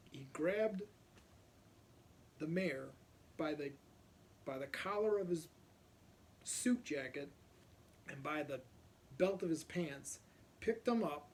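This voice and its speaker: A man recounts old neighborhood tales in a loose, rambling storytelling style, his voice sitting a little high for a man. He keeps stopping to clear his throat between thoughts. A faint hiss of noise sits under the recording. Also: measured pace, pauses often. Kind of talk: casual anecdotal storytelling.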